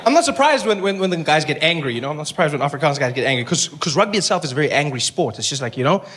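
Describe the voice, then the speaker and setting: A man performing a stand-up comedy set, telling stories in an animated way with stammered restarts. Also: fairly high pitch, rapid-fire. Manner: animated storytelling, stammering restarts, acting out voices.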